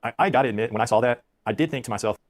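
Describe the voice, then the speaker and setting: A man's voice: mid-range voice, racing, a crowd in the background. A man in his thirties telling rambling, self-deprecating stories about his own life in a casual way. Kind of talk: storytelling on a stream.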